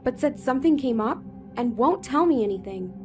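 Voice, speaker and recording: A man's voice: very high voice, expressive, a little fast, over music, pitched above the performer's own voice. A male narrator voicing a worried young pregnant woman calling her cop father, in an audiobook horror story. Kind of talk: audiobook character voice.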